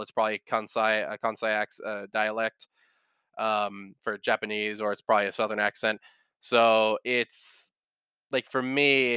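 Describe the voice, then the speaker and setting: A man hosts a podcast in a loose, rambling chat, stopping and restarting his sentences and swearing casually. His voice is bright and very clear. The sound is dry and close, with no room around it. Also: mid-range voice, no echo. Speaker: podcast host.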